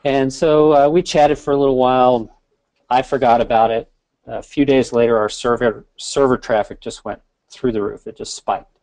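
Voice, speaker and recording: A man who is a guest on a webinar, chatting casually as a relaxed, friendly storyteller who jokes along. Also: medium pitch, moderate pace, dry recording. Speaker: software founder guest.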